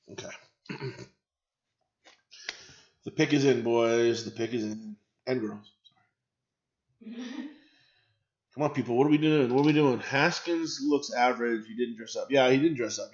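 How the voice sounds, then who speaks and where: A man's voice: mid-range voice, unhurried, long pauses, lo-fi sound. A man hosting a casual live stream, chatting and reacting to viewer comments and swearing freely.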